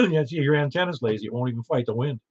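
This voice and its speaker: A net control operator with a Middle Tennessee accent runs an amateur radio net, his ham radio chat joking and folksy. He talks fast in a medium-pitched, slightly rough voice with lively intonation; the lo-fi radio transmission has no room sound.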